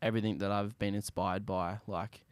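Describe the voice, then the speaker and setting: A young Australian man, a musician guest, talking casually in an interview in a laid-back, soft-spoken way that often trails off. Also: on the low side, fairly even intonation, moderate pace, clear, resonant tone, no room sound.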